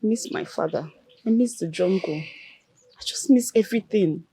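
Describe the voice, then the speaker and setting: A woman's voice: mid-range voice, moderate pace, mellow, husky, dry recording, natural voice. An actress with a Nigerian accent playing a homesick young queen who speaks tearfully and pleadingly.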